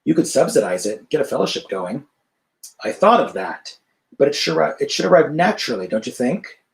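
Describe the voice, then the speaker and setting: A man reading aloud from his novel, voicing a wry, newly wealthy man in light, lively lines over a video call. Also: mid-range voice, a little fast, vocal fry, voice pushed up.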